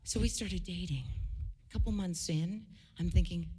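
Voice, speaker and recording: A singer-songwriter woman telling an animated, chatty story before a song, with laughing asides. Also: fairly low pitch, normal speed, slightly rough, long reverb tail.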